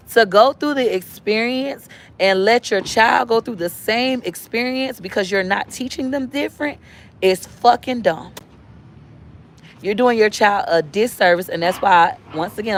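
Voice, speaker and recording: A woman and mother giving a blunt, profane parenting rant to her followers, rising to near-shouts for emphasis. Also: mid-range voice, slight background noise. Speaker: mother and online seller. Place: inside a car.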